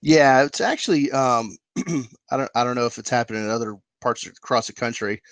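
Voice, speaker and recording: A man's voice: medium pitch, fairly quick, fairly bright tone, dry recording. A man co-hosting a casual podcast chat, laid-back and full of fillers. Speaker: co-host. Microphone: video call.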